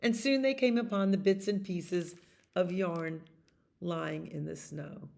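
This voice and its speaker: A woman's voice: on the low side, slow, vocal fry, darkish tone. A woman reading a bedtime picture book aloud as a library storyteller, soothing and asking her listeners questions.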